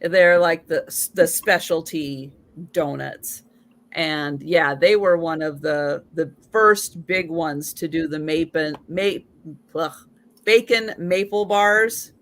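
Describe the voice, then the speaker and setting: A woman's voice: low-pitched, takes it slowly, fairly bright tone. A woman hosting a casual live-stream chat, reading items aloud with chatty asides. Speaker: host.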